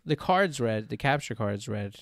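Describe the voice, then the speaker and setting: A man's voice: mid-range voice, lively intonation, normal speed, vocal fry. A man hosting a casual live stream Q and A, explaining with lots of fillers and laughing along.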